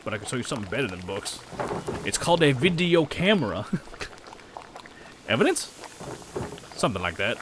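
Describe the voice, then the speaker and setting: Man reading a practical, blunt farmer with a lively delivery. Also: mid-range voice, moderate pace, long pauses, noisy background, close to an everyday voice. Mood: matter-of-fact. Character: plain-spoken male farmer, practical and down to earth.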